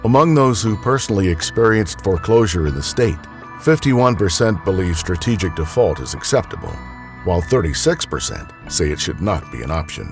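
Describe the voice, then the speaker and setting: A man reading scripted documentary narration in a measured, even delivery. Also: sits low. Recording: voice-over with background music.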